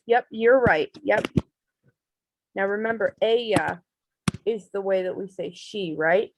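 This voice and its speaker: A woman's voice: mid-range voice, fairly even intonation, takes it slowly. A woman teaching an online Spanish class, explaining each step patiently with many ums.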